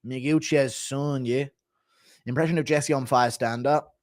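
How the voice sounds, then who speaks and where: A man's voice: mid-range voice, expressive, normal speed, no echo. A man gives blunt, mocking live-stream commentary, swearing freely. The recording is close and dry, with no room sound. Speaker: streamer reacting to a clip.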